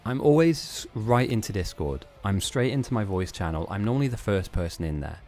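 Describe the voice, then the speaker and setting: A man's voice: fairly low pitch, lively intonation, a little fast, darkish tone, soft background music. A man hosting a live-streamed game tournament, chatting casually in a rambling, self-mocking way with frequent laughs.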